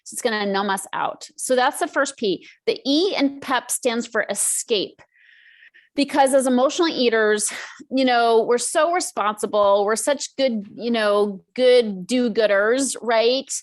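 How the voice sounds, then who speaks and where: Animated, high-voiced woman guest. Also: measured pace. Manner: chatty and animated, acts out her own inner voice. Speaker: guest, emotional eating expert. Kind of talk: podcast interview.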